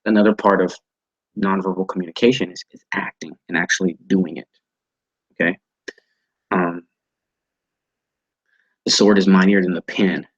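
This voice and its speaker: A man teaching an online training class over a video call, halting and often repeating words as he restarts his sentences. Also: low-pitched, fairly even intonation, slightly rough, no room sound, dull audio. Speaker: instructor.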